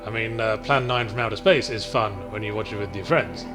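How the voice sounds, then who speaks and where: A man's voice: on the low side, fairly quick. A man with a British accent giving dry, sardonic commentary while he plays a video game. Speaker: streamer playing the game. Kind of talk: casual let's-play commentary. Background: game music.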